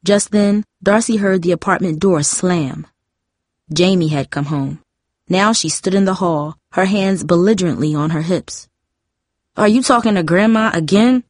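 A woman narrating an audiobook in a gentle, even storytelling manner. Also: on the low side, measured pace, no echo, studio quality. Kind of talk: audiobook reading.

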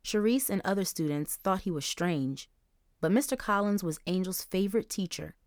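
A woman narrating a young-adult novel as an audiobook, in clear, even storytelling. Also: mid-range voice, moderate pace, no room sound, clean studio sound. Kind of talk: scripted narration.

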